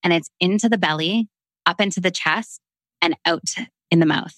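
A fairly low-voiced Canadian woman in her thirties, moving between lively casual chat and calm, unhurried breathwork guidance. She leads the exercise softly, with long pauses between cues. The recording is dry and close. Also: dry recording. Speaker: breathwork guest.

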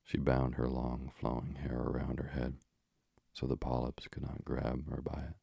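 Man reading a fairy tale slow, super deep voice, husky and dry. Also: little pitch movement, dark tone, dry recording. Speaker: narrator.

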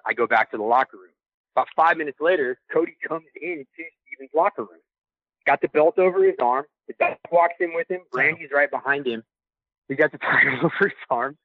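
A young adult man calling in to a podcast and telling a story in a casual, excited way with loose slang. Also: mid-range voice, dry recording. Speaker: podcast caller sharing a story. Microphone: phone call. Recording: tinny phone line, dry.

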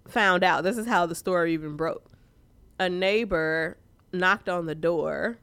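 Profane, animated woman telling stories. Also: lowish voice, no room sound. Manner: profane, animated storytelling with frequent laughs. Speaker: podcast co-host. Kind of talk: casual chat.

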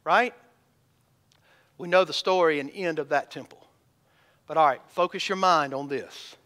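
A man's voice: a little high, a little slow, a bit bright, big-room sound. A man preaching a sermon as pastor, asking the congregation questions.

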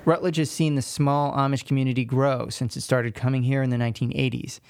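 Man, news feature narration, gravelly voice, dry studio sound, measured delivery. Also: medium pitch, level tone, a little mellow, no echo. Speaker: radio reporter.

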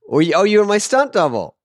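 A man's voice: high-pitched, sing-song, normal speed, no echo, studio quality. A middle-aged man co-hosting a podcast, telling stories in a wry, playful, casual way. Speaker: podcast co-host. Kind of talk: casual chat.

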